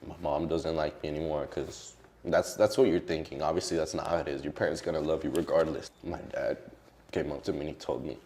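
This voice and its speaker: A young adult man, a social media creator, speaks candidly and emotionally in an interview, dropping in lots of casual fillers. His voice is rumbling and low, a little mellow, with fairly even intonation and a fairly quick pace.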